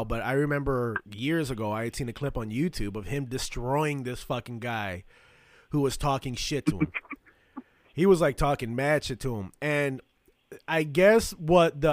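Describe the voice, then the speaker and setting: A man's voice: medium pitch, dry recording, clean studio sound. A man hosting a casual podcast chat, rambling and swearing, with many fillers and restarts. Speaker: podcast host.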